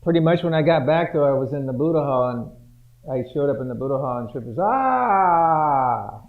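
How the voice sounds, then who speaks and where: A man as interview guest recalling his own past in a halting, wry way, quoting what others told him. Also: mid-range voice, fairly even intonation. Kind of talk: personal recollection. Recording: tinny phone-like audio.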